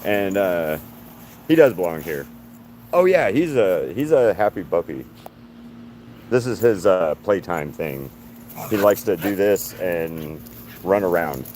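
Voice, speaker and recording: A man's voice: low voice, animated, slow, pauses often, a little mellow, a little hiss or hum. A man hosting a livestream, chatting casually and rambling with restarts while outdoors on grass, recorded on a handheld phone. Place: outdoors on grass walking a dog.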